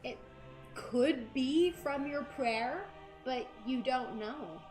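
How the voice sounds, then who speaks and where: A woman narrating a tabletop game as dungeon master, describing scenes in an unhurried way and often giggling. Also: high voice, darkish tone. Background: faint game music.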